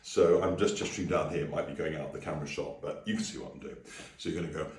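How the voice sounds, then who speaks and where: A deep-voiced man leads a relaxed singing lesson, explaining each step and singing lines to demonstrate. The room is echoey and he sits a little back from the mic. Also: fast, creaky, far from the mic. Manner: friendly, easygoing explanations with sung demonstrations. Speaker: music teacher. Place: room with a piano.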